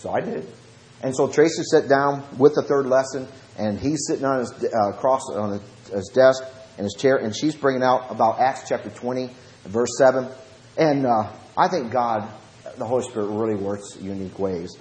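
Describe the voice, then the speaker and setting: Southern preacher telling lively stories. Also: male voice. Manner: lively anecdotes, shifts between fast and slow low talk. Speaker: preacher and Bible study teacher. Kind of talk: storytelling lesson. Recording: roomy echo.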